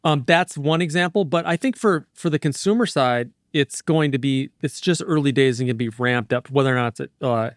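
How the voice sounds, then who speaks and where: Energetic rambling man, smooth voice. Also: medium pitch, dry recording, clean studio sound. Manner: energetic, rambling, digressive storyteller. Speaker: market strategist guest. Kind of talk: casual interview talk.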